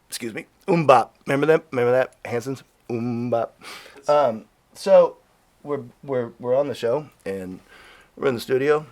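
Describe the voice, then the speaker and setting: A man hosting a podcast in a studio, rambling and joking with plenty of swearing. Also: mid-range voice. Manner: profane, jokey, rambling. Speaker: podcast host. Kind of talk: casual rambling chat.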